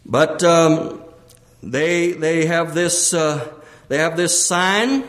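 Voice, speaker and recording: A man delivering a church sermon in a fairly high voice. He restarts and repeats phrases, clears his throat often, and lifts his pitch sharply when he warns the congregation. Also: drawn-out words, fairly bright tone. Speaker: pastor.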